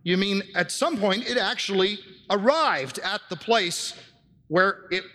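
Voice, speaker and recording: A man's voice: sits high, lively intonation, a little slow, bright, forceful tone, in a large hall. A man preaching a sermon in a church, teaching earnestly and posing rhetorical questions to his congregation. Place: church with handouts for listeners.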